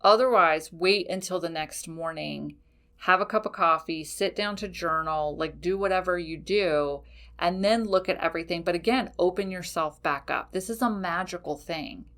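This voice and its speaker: A woman's voice: fairly low pitch, moderate pace, fairly bright tone. A woman podcast host giving frank, casual spiritual advice, swearing freely and checking in with "okay?". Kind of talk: casual spiritual teaching talk.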